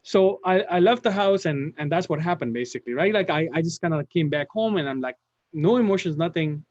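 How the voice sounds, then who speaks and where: A man's voice: on the high side, expressive, brisk, darkish tone. A man hosting a live stream, telling a personal story in a rambling way with many restarts and asides to viewers. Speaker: channel host telling his career story. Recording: dull lo-fi sound.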